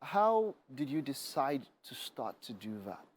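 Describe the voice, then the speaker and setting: A man's voice: mid-range voice, very animated, measured pace, slight background noise. A man hosting a TV interview, jovial and chatty, with stumbling restarts. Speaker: TV host. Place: TV studio.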